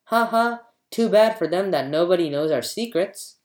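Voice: medium pitch, lively intonation, normal speed, dark tone, reverberant, pitched above the performer's own voice, lightly acted. A narrator voicing a teasing fairy. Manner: teasing, laughing. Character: playful fairy bathing with her sisters.

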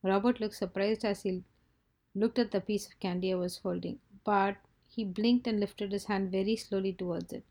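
A woman narrating a first-person children's story in a lively, expressive way. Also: mid-range voice, moderate pace. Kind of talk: scripted narration.

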